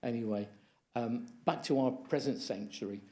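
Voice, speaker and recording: A man giving a measured lecture at a conference, reading from his slides and adding anecdotes. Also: mid-range voice, warm tone. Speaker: conference speaker. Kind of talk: lecture presentation.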